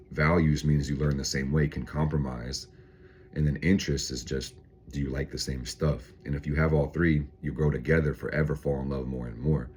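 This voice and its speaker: A man with a very low, husky voice talks through a tarot reading for his vlog. He swears freely and laughs often, and his tone stays loose and chatty. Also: darkish tone. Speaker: tarot reader vlogger.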